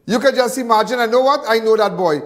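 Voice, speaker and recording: Angry man ranting, high voice. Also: fast, a bit bright, long reverb tail. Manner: angry, repetitive, stumbling restarts. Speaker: crime show host. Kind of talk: impassioned live TV commentary.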